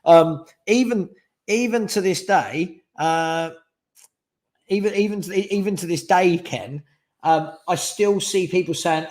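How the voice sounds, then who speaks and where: A man's voice: high-pitched, a little slow, a little mellow. Chatty man hosting a fan stream. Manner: casual, chatty, opinionated, with restarts. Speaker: fan channel host. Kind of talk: live-stream chat reading viewer questions.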